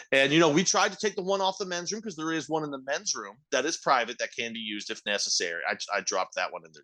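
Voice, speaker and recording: Man, bright voice, profane rant, casual podcast chat, middle-aged. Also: on the high side, expressive, fast talker, hardly any pauses. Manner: profane ranting storyteller. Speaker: podcast co-host, restaurant manager.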